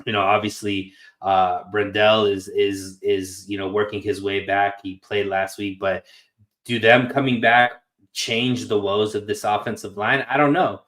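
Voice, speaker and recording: A man's voice: on the low side, steady tone, unhurried, a bit bright. A man co-hosting a sports podcast over a video call, talking loosely and rambling with plenty of fillers. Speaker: podcast co-host. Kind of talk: casual sports chat.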